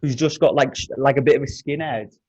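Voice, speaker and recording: A man's voice: medium pitch, a little fast, slightly rough, dull audio. Young man telling a wild story. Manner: animated storyteller, swears a lot. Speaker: podcast host. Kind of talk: casual chat, storytelling.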